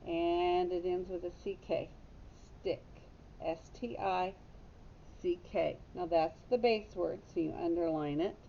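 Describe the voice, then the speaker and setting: A woman's voice: steady tone, measured pace, gravelly. A woman teacher giving a patient phonics lesson to young children, stopping to correct her own slips. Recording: dull lo-fi audio with faint rumble.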